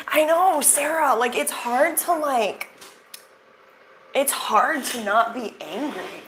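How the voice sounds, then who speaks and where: A woman's voice: high-pitched, slow, noisy background. A young woman hosting casual reaction commentary, sarcastic and rambling, full of fillers and restarts. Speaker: commentary channel host.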